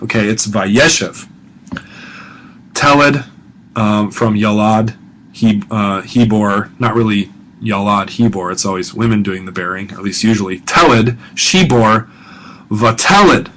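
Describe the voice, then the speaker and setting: A man's voice: medium pitch, a bit bright, rough recording. Man teaching Hebrew grammar. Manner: patient, chatty, slows to sound out Hebrew words. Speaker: professor. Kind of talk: recorded grammar lecture.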